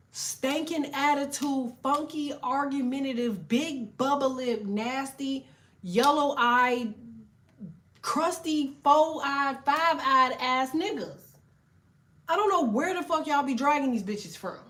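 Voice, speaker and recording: A woman tarot reader ranting to camera in a blunt, profane, animated way while telling a story. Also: sits high, takes it slowly. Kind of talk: casual tarot rant to camera.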